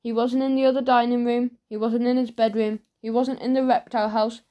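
Lively woman reading a children's book. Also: a little high, fairly quick, lo-fi sound. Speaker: audiobook narrator. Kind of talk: children's audiobook narration.

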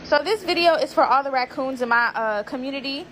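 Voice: sits high, a little fast, pushed and bright, slight background noise. A woman in a heated, profane social media callout rant.

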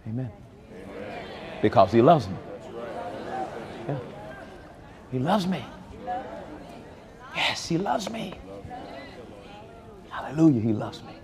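Animated preacher man with a swinging delivery. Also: slow pace, pauses often, crowd noise, background noise. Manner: animated preaching with wide swings in pitch and loudness. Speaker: pastor. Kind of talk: sermon. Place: large convention hall.

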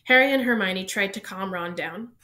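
A woman reading a novel aloud in an even storytelling manner, now and then correcting a slip. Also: mid-range voice, moderate pace. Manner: even storytelling pace, small self-corrections. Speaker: reader.

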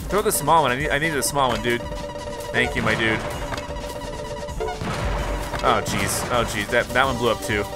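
A man, a gaming video host, giving excitable let's play commentary and reacting out loud to a boss fight. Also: medium pitch, moderate pace, pauses often. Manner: excitable, flustered, talks to the game. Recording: clear game music behind.

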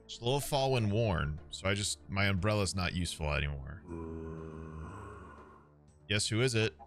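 A man with a lowish voice streams a game and chats to his viewers in a loose, casual way. His pitch swings widely as he gets excited, and he swears freely. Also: measured pace, soft background music. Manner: excitable, swears a lot, talks to chat.

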